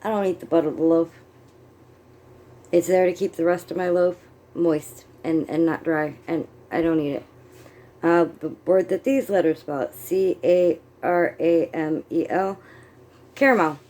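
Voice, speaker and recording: A woman's voice: lowish voice, fairly even intonation, normal speed, dark tone. A middle-aged woman from the United States chatting casually on her vlog, rambling and self-amused while she crochets and glances at her notes. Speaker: vlogger. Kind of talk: casual chat.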